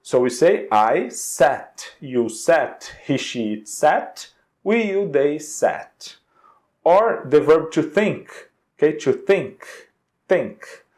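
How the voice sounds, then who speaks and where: A man with a Brazilian Portuguese accent teaching an English grammar lesson, explaining slowly and carefully, spelling out examples and checking in with "okay?". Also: a little high, very animated, a little mellow. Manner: slow and deliberate, stressing example words, frequent "okay?". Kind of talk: recorded video grammar lesson.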